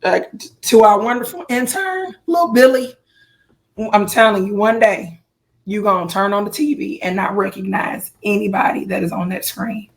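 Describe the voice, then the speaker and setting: A woman co-hosting a casual podcast chat, voice going hoarse, animated with playful exaggerated reactions. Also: medium pitch, moderate pace. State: losing her voice. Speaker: podcast co-host.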